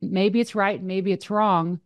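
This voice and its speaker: A woman from Canada, a PR expert, talking as a guest on a podcast in an energetic, casual way. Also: medium pitch, slow pace, dry recording. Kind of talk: casual interview chat.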